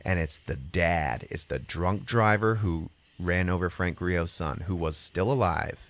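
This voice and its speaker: Deep-voiced man rambling through a story. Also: unhurried, gravelly, no echo. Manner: rambling storyteller acting out quotes. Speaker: podcast host. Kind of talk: casual chat.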